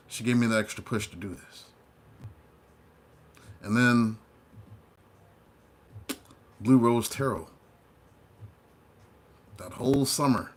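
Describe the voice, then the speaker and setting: Chatty rambling male tarot reader. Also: on the low side. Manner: chatty, rambling, loose asides to viewers. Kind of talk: casual storytelling monologue.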